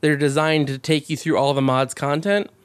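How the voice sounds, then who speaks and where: A man co-hosting a podcast, talking about games in a fast, rambling way, swearing often and getting excited. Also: on the high side, clear, resonant tone, dry recording. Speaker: podcast co-host. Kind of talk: casual chat.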